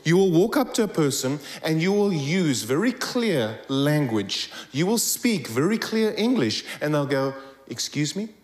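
A man's voice: a little high, measured pace, few pauses. A man preaching in a church, telling stories with rising emphasis. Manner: animated storytelling, rising emphasis. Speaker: guest preacher. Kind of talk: sermon. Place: church hall. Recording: echoey church hall.

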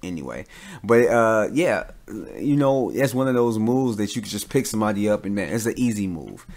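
A man with a somewhat low voice hosts his own podcast, talking solo in a loose, casual way. He rants with animation, circling back with restarts and fillers as he makes his point. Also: lively intonation, normal speed, darkish tone. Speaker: podcast host; father.

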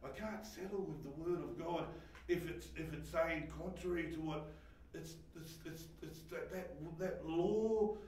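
High-voiced man preaching in an echoey hall. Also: unhurried. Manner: emotional, swings from shouting to hushed, laughs often. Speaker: pastor. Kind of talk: sermon testimony. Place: church hall. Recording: echoey hall, voice heard from a distance.

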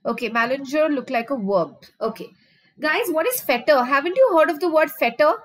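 A woman's voice: sits high, lively intonation, rough recording. A woman teacher with an Indian accent running a live online vocabulary lesson, mixing Hindi and English and keeps asking her students for answers. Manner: drawn-out fillers while thinking. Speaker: online exam-prep teacher.

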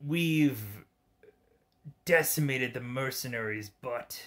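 A man giving casual gameplay commentary, reading the game's dialogue aloud in a rambling, halting way. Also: mid-range voice, a bit bright. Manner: rambling, halting, with frequent fillers. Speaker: gamer.

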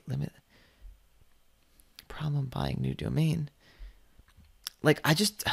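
A young man giving a casual, rambling screen-share lesson on online selling, full of fillers and dry sarcasm. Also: mid-range voice. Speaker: online business teacher.

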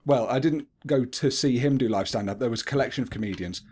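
A man's voice: mid-range voice, fast, darkish tone. A young man giving casual commentary as he plays a horror game. He talks to himself, gets jumpy and swears often. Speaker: gaming video creator.

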